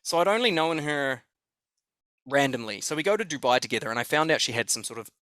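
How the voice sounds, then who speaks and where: An Australian man telling a story as a podcast guest, excited and swearing freely, often restarting his sentences. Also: medium pitch, fast talker, no echo. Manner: excited, profane, repeats himself. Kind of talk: conversational storytelling.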